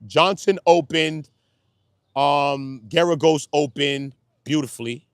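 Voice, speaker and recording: Brooklyn male commentator, somewhat high voice, dry close recording, emotional street-slang monologue. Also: steady tone, slow pace, clean tone, no room sound. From Brooklyn, New York. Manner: swings from low, quiet talk to loud, high emotional outbursts; slangy and emphatic, keeps asking if you hear him. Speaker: YouTube commentator. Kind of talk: emotional casual monologue to camera.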